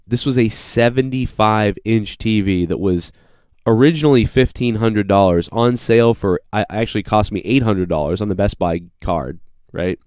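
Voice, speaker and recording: Casually storytelling on a live show, a thirtysomething man with a Boston accent rambles through a profane, self-mocking tale of his mishaps. His voice is lowish, dark, and smooth at a moderate pace, with clean, echo-free studio sound.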